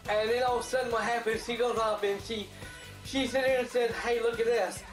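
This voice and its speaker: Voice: medium pitch, fairly even intonation, brisk. A movie reviewer recapping a film in casual, profane speech, full of restarts and acted-out character lines. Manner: rambling, profane retelling with many restarts; acts out characters' lines in a raised voice. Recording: roomy echo, faint music behind.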